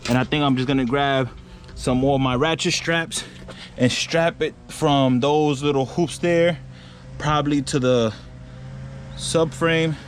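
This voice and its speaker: A man's voice: medium pitch, steady tone, a little slow, slight background noise. A young man chatting casually to camera outdoors by his truck and garage, loose and rambling with fillers. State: out of breath. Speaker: car vlogger. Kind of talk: casual vlog talk to camera.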